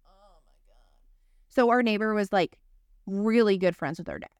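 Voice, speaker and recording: Woman, thirties, podcast co-host, candid, swears freely, mid pitch, dry close sound. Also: normal speed, a little mellow, smooth, no room sound. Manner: candid, profane storytelling. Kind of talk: casual conversation.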